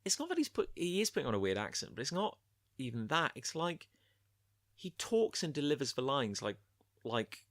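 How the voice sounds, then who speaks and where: A man's voice: mid-range voice, very animated, normal speed, fairly bright tone, dry recording, studio quality. A man co-hosting a casual chat about an anime episode, searching for words and restarting his sentences. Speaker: podcast co-host.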